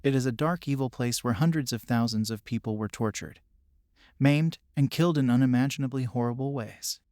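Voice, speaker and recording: A man narrating a first-person horror story in a steady, measured storytelling voice. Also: mid-range voice, dry recording, clean studio sound.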